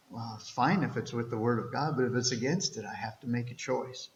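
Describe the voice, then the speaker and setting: Male pastor, earnest conversational sermon, mid-pitched, long church reverb. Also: fairly quick, hardly any pauses. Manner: earnest, conversational preaching with restarts. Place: church sanctuary. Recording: echoey church hall, slightly dull.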